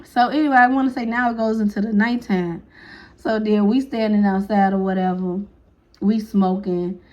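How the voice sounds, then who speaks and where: A woman's voice: mid-range voice, normal speed, dull audio. A woman telling a casual storytime, acting out each person's lines and laughing often. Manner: animated, acts out quotes, laughs often.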